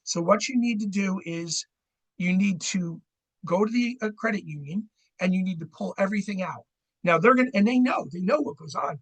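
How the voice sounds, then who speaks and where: A man's voice: high voice, moderate pace, breathy edge, rough recording. A middle-aged man gives a seminar on fraud, chatting with the audience and often asking "right?". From New Jersey. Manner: conversational, keeps asking "right?". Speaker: credit union fraud educator.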